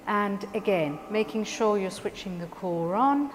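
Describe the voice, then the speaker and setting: A woman teaching a dance technique class, calmly explaining steps one at a time and counting the beats aloud. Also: mid-range voice, unhurried, hardly any pauses. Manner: calm step-by-step instruction, counting beats aloud. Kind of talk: instructional dance lesson. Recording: distant voice in a long-reverb room with faint background noise.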